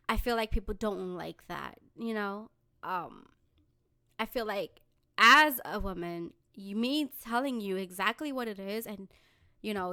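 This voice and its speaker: A woman's voice: medium pitch, pushed and bright, dry recording, clean studio sound. A young woman co-hosting a podcast in casual chat, sassy and emphatic, often laughing and swearing. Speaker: podcast co-host.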